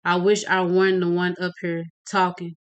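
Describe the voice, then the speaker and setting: A woman's voice: fairly low pitch, moderate pace, smooth, close to an everyday voice. A woman voicing a teenage boy in a read-aloud novel, earnest and pleading. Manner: pleading when scared, earnest and steady on stage. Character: frightened teenage Black boy, later calm speaker.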